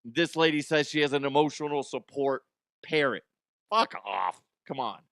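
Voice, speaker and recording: A man hosting a comedy news show, ranting crudely and mocking the stories, with quick jumps into silly voices. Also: medium pitch, expressive, creaky, fairly bright tone, no room sound, clean studio sound. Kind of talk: profane comedic news commentary.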